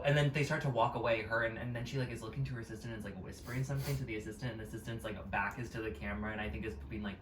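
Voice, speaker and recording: Fast-talking gossipy American man. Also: mid-range voice. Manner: gossipy, excited storyteller. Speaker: podcast co-host. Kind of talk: casual chat. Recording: echoey room, far from mic, faint noise.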